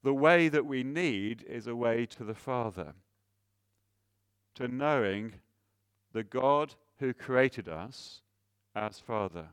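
A mid-pitched man delivers a sermon with earnest conviction, leaning on rhetorical questions and frequent restarts. He swells to emphatic volume on key points and falls to a hushed tone for weight. The sound is dry, with no room around it. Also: lively intonation, takes it slowly, pauses often, clean tone, no room sound. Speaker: preacher.

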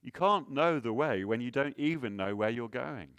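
A man's voice: mid-range voice, expressive, moderate pace, clear, resonant tone, no room sound. Earnest male preacher with dry sound. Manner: earnest, rhetorical questions, repeated restarts; swells louder on key points, drops soft for emphasis. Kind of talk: sermon.

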